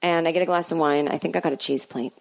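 Brief: woman comedian in her 40s, rambling and self-deprecating, with a lowish voice. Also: fairly even intonation, fast, creaky, a little mellow. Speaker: podcast host, comedian. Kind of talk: casual comedic monologue.

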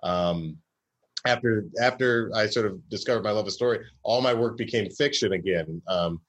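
A man's voice: on the low side, slightly rough. Rambling man from the American South. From Southern US, Georgia. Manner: rambling, self-correcting, wry storytelling. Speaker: comedy writer guest. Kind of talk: casual interview chat.

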